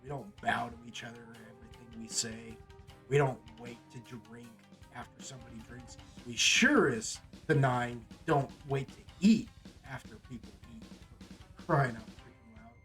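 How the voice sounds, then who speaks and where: A man's voice: medium pitch, normal speed, a bit bright, faint music behind, voice pushed down, lightly acted. A man voicing a laid-back male troubadour farmer who talks in a drawling country way. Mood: easygoing.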